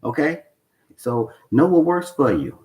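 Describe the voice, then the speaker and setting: A man's voice: on the high side, very animated, unhurried, a little mellow, poor audio. A man hosting a trading channel who talks unscripted to the camera. He is blunt and emphatic, repeats his points, swears for stress, and keeps checking in with "okay?". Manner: coaching tone, asks "okay?" and "you know why?".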